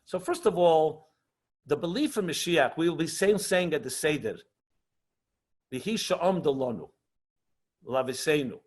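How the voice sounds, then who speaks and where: A man teaching an online class as a rabbi, earnest and passionate, often slowing down for emphasis and mixing Hebrew and Yiddish terms into English. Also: fairly high pitch, expressive. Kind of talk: lecture with questions and answers.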